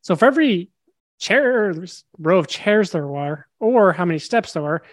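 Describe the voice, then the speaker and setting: A man's voice: high voice, animated, measured pace, no room sound, studio quality. A young man, a podcast guest, tells a story animatedly and acts out the dialogue. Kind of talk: storytelling in a casual interview.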